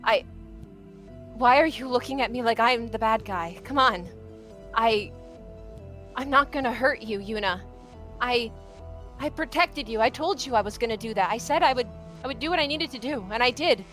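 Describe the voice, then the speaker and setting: A woman's voice: a little high, normal speed, long pauses, fairly bright tone, faint music behind, close to an everyday voice. A woman voicing a shaken young man who pleads and stammers, repeating himself, in tabletop role-play. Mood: pleading.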